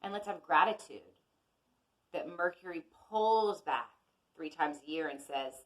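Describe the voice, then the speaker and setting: Woman, intuitive healer and astrology teacher; chatty, casual, direct to viewers; voice sits a little low. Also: lively intonation, a little slow, a bit bright, low-quality recording.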